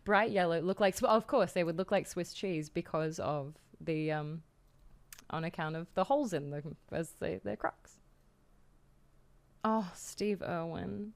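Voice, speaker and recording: Giggly Australian woman streamer, slow talker. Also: fairly low pitch, gravelly. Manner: giggly, chatty, reading out chat messages. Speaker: live streamer. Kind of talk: casual live-stream chat.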